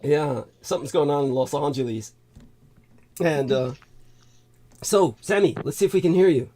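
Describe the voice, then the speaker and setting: A man hosting a call-in talk show, animated and swearing casually, laughing often. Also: a little high, moderate pace, a little hiss or hum. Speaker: show host.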